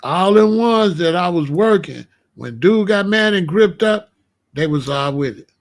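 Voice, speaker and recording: This commentary channel host tells street stories in a casual monologue, blunt and profane, with lively intonation and a slightly slow pace. Moments of danger bring his voice down to low, quiet tones.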